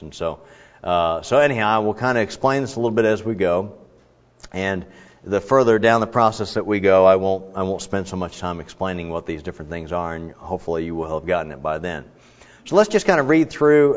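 A man teaching a casual Bible study lesson and walking through a sentence diagram, chatty and self-deprecating, full of fillers and restarts. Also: low voice. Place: work-from-home setting. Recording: dull lo-fi sound with long reverb.

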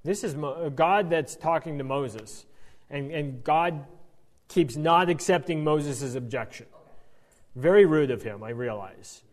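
Male Bible teacher, conversational and wry, lots of restarts; slightly high voice, reverberant hall. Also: measured pace. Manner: animated, stammering restarts, wry asides.

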